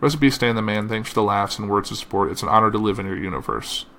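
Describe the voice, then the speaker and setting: Man, low voice, podcast host, reads quoted tributes, stumbles with uh, faint hiss behind. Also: sharp tone. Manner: reads slowly with uh fillers and slips. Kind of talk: reading tributes aloud.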